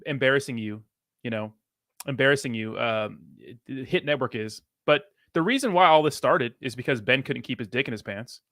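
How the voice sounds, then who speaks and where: A man's voice: mid-range voice, moderate pace, a bit bright, dry recording, studio quality. A man giving casual reaction commentary on a played clip, blunt and full of profane slang. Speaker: reaction streamer.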